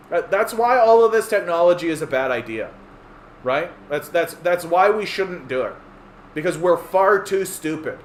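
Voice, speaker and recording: A man ranting sarcastically and profanely in a political livestream monologue. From Canada. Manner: profane, sarcastic, mocks opponents in squeaky voices. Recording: echoey room with faint ambient noise.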